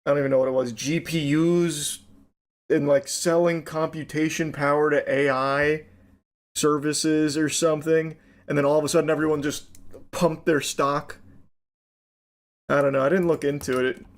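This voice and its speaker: A man with a somewhat higher voice gives sarcastic, casual commentary. He swears now and then and speeds up as he goes. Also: level tone, moderate pace.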